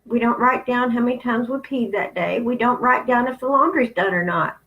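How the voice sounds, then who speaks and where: A woman's voice: a little high, a little fast, lo-fi sound. A woman in her fifties giving a candid spiritual talk, blunt and conversational with some profanity. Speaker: spiritual channel host.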